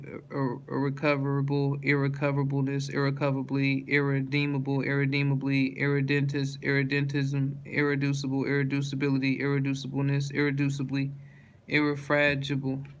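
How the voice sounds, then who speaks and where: A man reading dictionary words aloud one after another in a slow, steady monotone, stumbling and restarting on hard words. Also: mid-range voice, clear, resonant tone.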